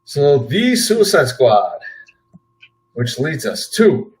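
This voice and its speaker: A man's voice: medium pitch, big pitch swings, slow pace, low-quality recording. A man hosting a podcast, chatting casually in an easygoing way. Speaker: podcast host. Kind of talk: casual chat.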